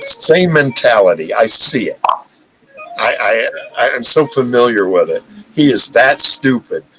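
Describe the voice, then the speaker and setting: A man's voice: mid-range voice, expressive, a little slow, sharp tone, slight background noise, rough recording. Profane, heated man ranting on a livestream. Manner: profane, heated, repeats himself. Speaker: livestream host. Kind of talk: casual live-stream rant.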